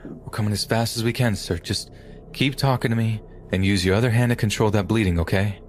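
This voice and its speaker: A man voicing a calm male emergency dispatcher who reassures an injured caller. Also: lowish voice, brisk, a little hiss or hum, pitched above the performer's own voice, close to an everyday voice. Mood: calm, reassuring. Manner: steady, reassuring, urgent.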